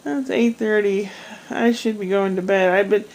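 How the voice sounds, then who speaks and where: A woman's voice: medium pitch, moderate pace, darkish tone, rough recording. A middle-aged woman chatting casually at home at night in a rambling, self-deprecating vlog. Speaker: vlogger. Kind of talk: casual chat.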